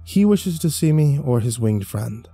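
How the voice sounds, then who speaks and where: A man voicing a battle-worn younger man who talks tersely, flat and guarded. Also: mid-range voice, a little slow, husky, faint music behind, exaggerated voice.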